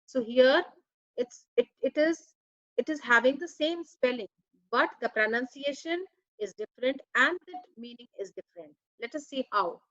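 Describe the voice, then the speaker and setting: This high, animated, fairly bright voice belongs to a woman teaching a slow grammar lesson, where she carefully and deliberately reads words and their meanings one by one. The sound is lo-fi and lacks any room sound.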